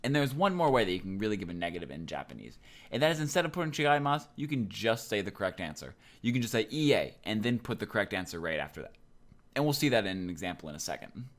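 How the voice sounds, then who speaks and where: A young man giving a casual online lesson, explaining in a relaxed, chatty way with plenty of fillers. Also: fairly low pitch, fast. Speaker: Japanese teacher.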